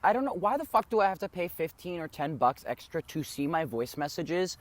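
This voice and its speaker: A man's voice: fairly high pitch, sing-song, a little fast, no echo. Rambling teen guy, swearing chat. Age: teens. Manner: rambling, swears freely, acts out voices in anecdotes. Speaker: podcast co-host. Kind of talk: casual chat.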